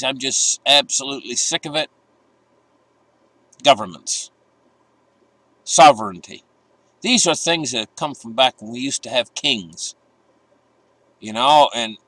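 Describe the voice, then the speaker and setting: A man's voice: fairly high pitch, fairly bright tone, no room sound, rough recording. A man giving casual, rambling market commentary, opinionated and breaking into emphatic bursts.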